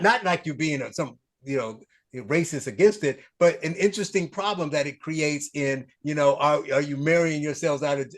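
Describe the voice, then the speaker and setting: A man hosting a podcast, animated and joking as he questions his guest. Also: a little high. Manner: animated, joking, quick to laugh. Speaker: podcast host. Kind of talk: casual interview conversation.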